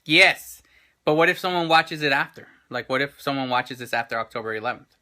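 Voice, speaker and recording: Bright-voiced rambling man hosting a vlog. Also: medium pitch, brisk. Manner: rambling and enthusiastic, many restarts and fillers. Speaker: show host. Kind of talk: casual chat. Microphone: handheld camera.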